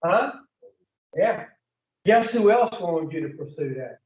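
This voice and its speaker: A man's voice: on the high side, lively intonation, slow, a little mellow. A man leading an addiction recovery group in a preaching style, blunt and profane, firing questions at his listeners. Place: room with a group. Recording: echoey room, distant muffled mic.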